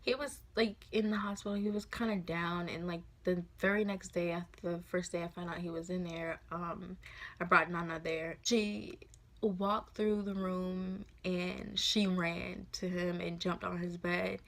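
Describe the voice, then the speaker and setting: A woman in her twenties tells a personal story in a casual vlog, speaking softly and haltingly with many fillers. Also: fairly low pitch, flat delivery. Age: 20s. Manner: soft, halting, full of fillers. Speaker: vlogger.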